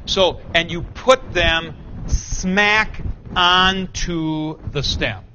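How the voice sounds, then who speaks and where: Male teacher, high voice, slow deliberate lecture delivery, dull lo-fi classroom recording. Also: pushed and bright, a little hiss or hum. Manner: explains patiently, recites forms, corrects himself aloud. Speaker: Greek teacher.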